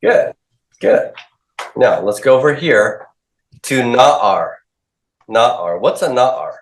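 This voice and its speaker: Animated yet slow, a mid-range male voice guides a class by posing questions, drilling, and repeating the students' responses. The lecture follows a call-and-response format and was recorded in an echoing classroom.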